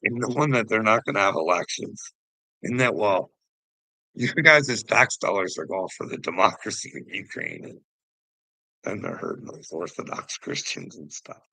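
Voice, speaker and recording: A man's voice: fairly low pitch, lively intonation, moderate pace, creaky, sharp tone, no room sound, rough recording. A man ranting in a casual vlog. He swears a lot, mocks people, and laughs between his lines. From Canada. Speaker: vlogger. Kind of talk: casual rant.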